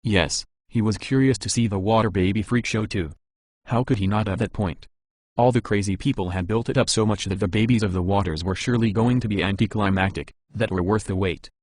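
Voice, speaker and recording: A man reading an audiobook as its narrator, in a steady, even scripted narration. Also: lowish voice, fairly quick, no room sound.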